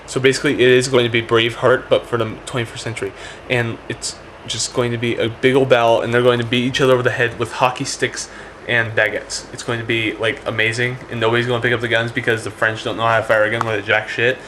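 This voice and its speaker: A man's voice: mid-range voice, little pitch movement, fairly bright tone, a little hiss or hum. A man rambling through a comic monologue, packing his talk with "like" and "check this out". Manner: rapid, full of "like" and "check this out".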